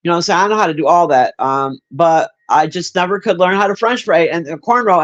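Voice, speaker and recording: A man with a brisk, somewhat high, slightly bright voice chats casually with viewers on a stream, and the highs are cut off in the audio. He swears freely and rambles with plenty of fillers. He also answers people in chat by name.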